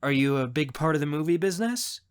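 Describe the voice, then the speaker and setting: Man playing a polite young guy, slightly awkward, lively pitch, audiobook. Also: fast talker, smooth, close to an everyday voice. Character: young male actor hopeful, polite and guarded.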